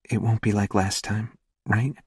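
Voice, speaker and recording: A man voicing a nervous young woman in an audiobook, speaking softly with a raised, pleading pitch. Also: flat delivery, unhurried, breathy edge, dry recording, studio quality, full character voice.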